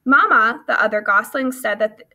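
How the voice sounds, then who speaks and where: Anxious young gosling, male, read by a woman, high pleading voice, storybook. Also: moderate pace, sharp tone. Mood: worried.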